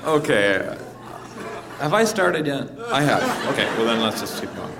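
A man's voice: medium pitch, big pitch swings, moderate pace, a crowd in the background. A man doing a rambling stand-up comedy routine on a club stage, often stopping himself to start a point over. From United States. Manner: rambling, self-interrupting, breaks into silly mock voices. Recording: roomy live venue from far off with audience noise.

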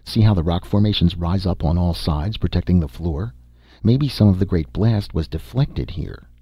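A man voicing a blunt, impatient male explorer in a storybook reading, with a husky voice. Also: low voice, moderate pace, dark tone, no room sound, studio quality. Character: tall blond man, gruff and impatient.

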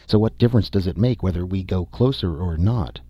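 Brief: narrator as a nervous, eager man, deep husky voice, dull dry recording. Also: brisk, dry recording. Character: nervous short-sighted man, curious.

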